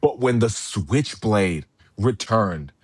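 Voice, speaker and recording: A man co-hosting a podcast in casual chat, an animated storyteller who acts out quotes and swears a lot. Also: lowish voice, slow pace, husky, no echo. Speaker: podcast co-host.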